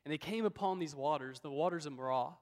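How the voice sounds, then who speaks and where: A high-pitched male preacher delivers a sermon, telling Bible stories with drama and voicing the people in them. His voice rings out with a long reverb, as if in a large church hall. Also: fast. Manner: dramatic storytelling, acts out biblical speakers.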